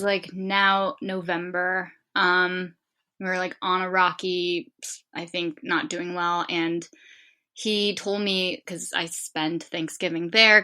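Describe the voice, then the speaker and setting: A woman's voice: lowish voice, pushed and bright. A woman in her twenties from San Diego, a podcast guest telling a personal story in a chatty way, full of "like". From San Diego, California. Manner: chatty, heavy on filler "like". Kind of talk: casual storytelling.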